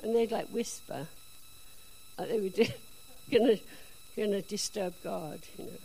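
A woman telling a personal faith testimony in a chatty, animated storytelling way. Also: mid-range voice, measured pace, slight background noise, low-quality recording. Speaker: speaker giving a testimony.

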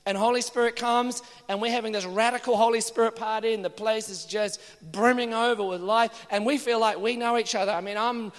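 A man preaching a sermon, telling stories in an animated way with playful asides. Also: high voice. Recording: long hall reverb.

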